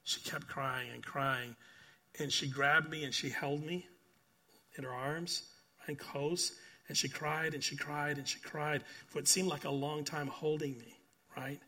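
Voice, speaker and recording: This older pastor's sermon comes in a somewhat high, steady voice at a slightly slow pace. He recounts stories with earnestness, repeats phrases, and keeps checking "right?", rising into emphatic bursts and then settling soft and quiet.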